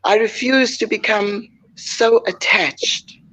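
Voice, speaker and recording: An older woman, a guest telling a personal story in a measured, heartfelt way with frequent pauses. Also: medium pitch, fairly bright tone, rough recording. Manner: measured, heartfelt, pausing often.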